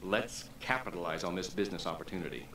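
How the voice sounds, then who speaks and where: An actor playing a cold, scheming wealthy businessman who calmly orders a gang hit in a smooth, calculating manner. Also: low voice, fast talker, recorded from a distance, slight background noise. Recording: roomy game audio from afar.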